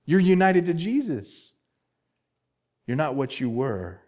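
A male pastor delivering a sermon with a lively, swooping delivery and a slightly high voice. He presses his points hard, repeats key words for emphasis and throws out rhetorical questions. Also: slow pace. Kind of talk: expository sermon.

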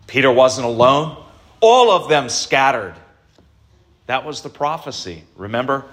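A man preaches an Easter sermon at an unhurried, measured pace. His delivery is deliberate and emphatic, climbing higher to stress key points before settling back down. His voice sits in an ordinary middle register. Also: animated, a bit bright. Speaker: pastor.

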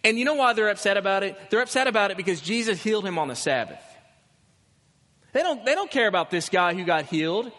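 A man preaching a sermon as pastor, telling the story with animated restarts and emphasis. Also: high-pitched, quick pace. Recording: long hall reverb.

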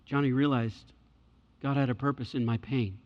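A man preaching a sermon and telling a story, swinging between loud passages and hushed ones. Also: medium pitch, steady tone, normal speed. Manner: dramatic shifts between loud and hushed delivery. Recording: echoey hall, dull lo-fi sound.

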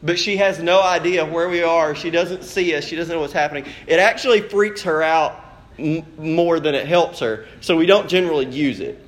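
Young male pastor, lively storytelling sermon, voice a bit on the high side. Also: normal speed. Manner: storytelling, animated, acts out quotes.

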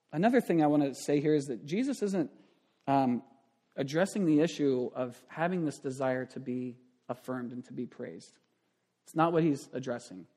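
A man's voice: medium pitch, a little mellow. A man in his thirties, a pastor giving a conversational sermon with frequent asides and restarts.

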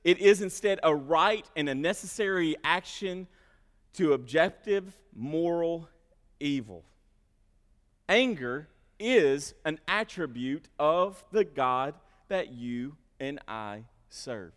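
High-voiced preaching man in a reverberant hall. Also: lively intonation, slow. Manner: preaching with swings from quiet asides to loud emphasis; repeats words at the start of phrases. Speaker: pastor. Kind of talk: sermon.

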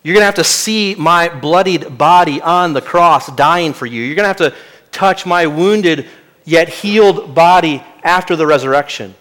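A male pastor preaching an expository sermon. He often drops to a quiet, weighty voice for key lines. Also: on the high side, normal speed.

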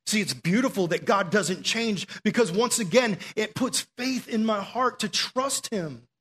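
A young male preacher delivers a sermon with a high voice and a lively, conversational punch. He talks to the room casually, then leans hard into key phrases for emphasis. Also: a little slow, husky.

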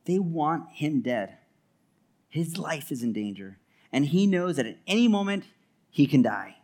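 A man's voice: a little high, big pitch swings, unhurried, darkish tone. A man preaching a sermon in an earnest, emphatic way, often stacking repeated phrases. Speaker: pastor.

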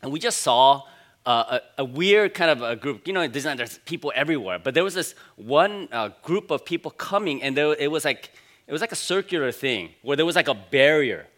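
Male pastor, forties, bright voice, chatty anecdotal sermon delivery in church. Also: on the high side, expressive, a little fast. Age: 40s. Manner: conversational, storytelling, many fillers.

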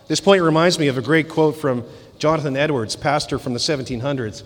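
High-voiced guy preaching in a church, chatty sermon with little jokes, big hall reverb. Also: a little fast. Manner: conversational, asides and repeated phrases. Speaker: pastor.

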